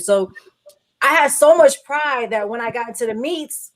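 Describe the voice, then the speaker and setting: A woman's voice: a little high, normal speed, fairly bright tone. Chatty woman podcast host. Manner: chatty, acting out quoted voices. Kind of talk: casual storytelling.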